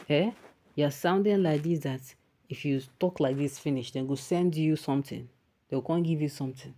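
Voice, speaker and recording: A woman's voice: deep voice, warm tone. A woman with a Nigerian accent giving opinionated news commentary in an emphatic, scolding, conversational manner.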